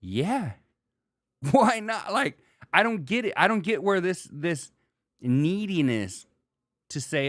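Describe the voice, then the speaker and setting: A man's voice: high-pitched, sing-song, slow pace, a bit bright, no room sound, studio quality. A man hosting a solo livestream, chatting loosely and rambling as he reads viewer comments, swearing now and then. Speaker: livestream host.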